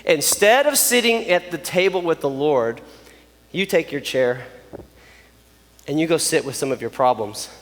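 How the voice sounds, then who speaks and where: A man, preaching a joking, animated youth sermon straight to his audience. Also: fairly high pitch, measured pace. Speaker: youth pastor. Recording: long reverb of a large hall.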